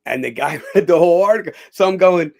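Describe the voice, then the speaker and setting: A man's voice: high voice, fast, a little mellow. A middle-aged man, an actor and former boxer, chatting as an interview guest, rambling through stories with lots of fillers and restarts and casual swearing.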